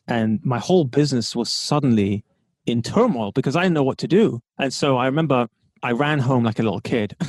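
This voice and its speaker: A man tells a story as a podcast guest, lively and expressive, slipping into quoted voices and laughing now and then. His voice sits at a middle pitch. The recording is dry and close, with little room sound. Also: dry recording. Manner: animated, acts out quoted dialogue, laughs often. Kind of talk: storytelling in a casual interview.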